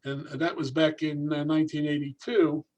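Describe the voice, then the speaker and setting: An older man spins a rambling stage story, his voice sitting a little high for a man. He slips into other people's voices as he goes, full of fillers and quick asides. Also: rough recording. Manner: animated, acts out voices in his anecdotes. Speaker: guest magician. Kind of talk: storytelling in a conversation.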